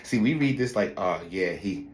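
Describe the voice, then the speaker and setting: A man reacts out loud in slangy, incredulous commentary on a fairly low voice. His pitch jumps around as he talks. The room is echoey, with a faint noise underneath. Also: lively intonation, normal speed.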